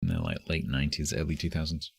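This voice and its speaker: A man's voice: very deep voice, very animated, fast, creaky, slightly rough, no echo. An English man streaming a game, chatting casually and rambling with dry, self-amused asides as he reads chat. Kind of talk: casual live-stream chat while gaming.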